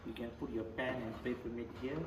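A man's voice: mid-range voice, little pitch movement, a little fast. A man, hosting a comic show-and-tell vlog at home, full of mock amazement. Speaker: vlogger host. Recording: echoey room with background noise.

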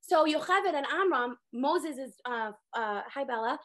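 High-pitched woman teacher; chatty, animated storytelling over a video call. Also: a little slow. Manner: animated storytelling, acts out characters' lines, many "like" fillers. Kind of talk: casual online Torah class.

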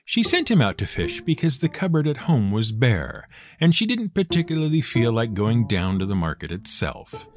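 A man narrating folktales in a wry, expressive storytelling manner. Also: medium pitch, normal speed, few pauses. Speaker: storyteller host. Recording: guitar music playing beneath. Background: guitar music.

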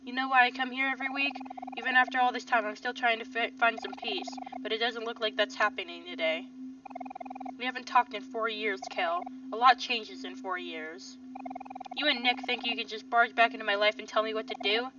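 A woman's voice: a little high, fairly even intonation, background noise, lightly acted. A woman reading a video game's lines as a bitter, scornful teenage girl who pushes away her old friends. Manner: dismissive, scornful, measured. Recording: slightly distant, dull lo-fi mic.

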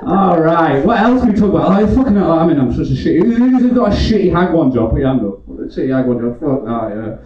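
A man's voice: on the high side, very animated, fast, few pauses, recorded from a distance. A drunk man doing a rambling stand-up set in a comedy club, swearing constantly and laughing as he goes. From England. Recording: roomy club recorded from afar, dull, crowd laughter. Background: audience laughter.

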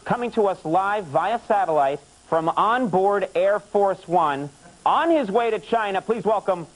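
A man's voice: sits high, expressive, a little slow, poor audio. A male late-night talk show host, exasperated and interrupting with repeated "sir" in a comedy sketch.

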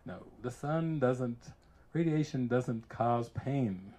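Animated man telling stories. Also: medium pitch, slow. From United States. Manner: animated storyteller who laughs often. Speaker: spiritual teacher. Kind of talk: casual spiritual teaching talk.

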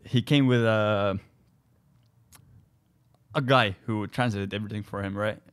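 Low-voiced Estonian man, halting English. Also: fairly even intonation, clear, resonant tone. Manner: halting English with many fillers and restarts. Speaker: comedian and army sergeant, guest. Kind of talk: casual podcast chat.

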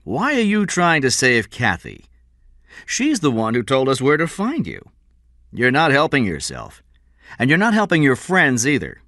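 A man voicing a tough male police detective who questions a suspect in a firm, brisk manner. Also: medium pitch, huge pitch swings, a bit bright, no room sound, studio quality, voice pushed up.

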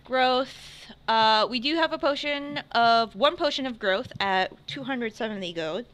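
A woman voicing a polite female potion shopkeeper in a tabletop game, giving courteous sales patter with hesitant pauses. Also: on the high side, a bit bright. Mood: helpful. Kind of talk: tabletop game role-play.

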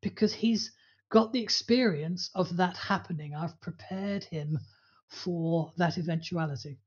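A woman's voice: fairly low pitch, measured pace, darkish tone, husky, lo-fi sound. A woman co-hosting a podcast about dog training, talking casually and telling anecdotes with acted-out voices. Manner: storytelling, acts out voices in anecdotes.

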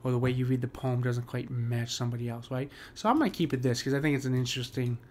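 A man's voice: mid-range voice, quick pace, a little mellow, a little hiss or hum. A man walking through a poem's meter in a casual screen-share lesson, with lots of fillers and "right?" checks. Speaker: poetry teacher.

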